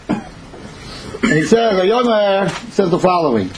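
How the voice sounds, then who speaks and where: A man in his fifties giving an animated Torah class, swinging between loud exclamations and hushed pleading. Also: fairly high pitch, normal speed, noisy background. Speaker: Torah teacher.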